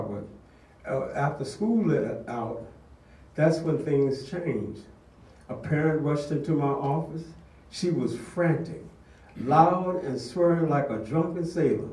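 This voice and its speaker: A man's voice: fairly high pitch, warm tone. Older man telling an earnest testimony. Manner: earnest storytelling. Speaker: speaker giving a testimony. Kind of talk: sermon-style testimony. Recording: echoey room, distant mic.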